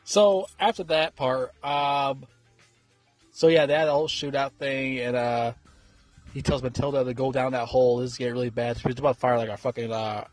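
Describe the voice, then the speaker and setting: A man's voice: mid-range voice, darkish tone. A man giving a casual film review, rambling and swearing freely, with many fillers and restarts. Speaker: movie reviewer.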